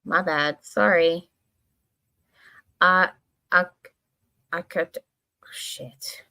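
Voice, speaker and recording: A woman's voice: fairly low pitch, fairly even intonation, drawn-out words, pushed and bright, smooth. A woman hosting a casual livestream. She rambles from one thought to the next with lots of expression and a casual swear here and there. Now and then she reads comments from her chat aloud. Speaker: livestream host.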